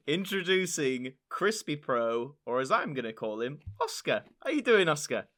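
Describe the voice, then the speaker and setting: A man's voice: on the high side, sing-song, unhurried, a bit bright. A man hosting a podcast, chatting casually with a guest and laughing often. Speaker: podcast host. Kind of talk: casual interview chat.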